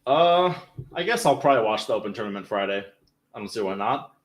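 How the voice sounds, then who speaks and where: A man's voice: on the low side, lively intonation, fairly quick. A young man hosting a livestream in rambling, chatty talk, laughing easily. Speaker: livestream host. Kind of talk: casual livestream chat.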